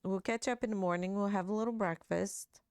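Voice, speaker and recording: A woman's voice: mid-range voice, fairly even intonation, a little fast, clear, resonant tone, no echo. A young adult woman hosting a gaming video, giving chatty, playful, gossipy commentary into a close mic. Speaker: gaming channel host. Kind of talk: casual game commentary.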